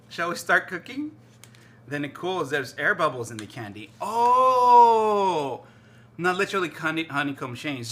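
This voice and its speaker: Excitable rambling man, sharp bright voice. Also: fairly high pitch, slight background noise. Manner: excitable, rambling, repeats himself. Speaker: live streamer. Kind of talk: casual chat while cooking on stream. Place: home kitchen.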